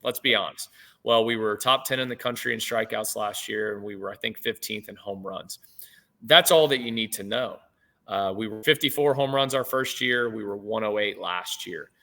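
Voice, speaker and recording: A man in his late thirties, a head baseball coach, telling stories in a relaxed interview over a video call, with many fillers and restarts. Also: on the low side, normal speed. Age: 30s. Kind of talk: casual interview chat.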